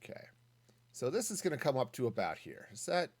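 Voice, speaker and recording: Casual game streamer, mid pitch, very animated intonation, muses aloud and answers chat. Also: a little fast. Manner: chatty, thinking aloud, reading chat. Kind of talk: casual gaming stream commentary.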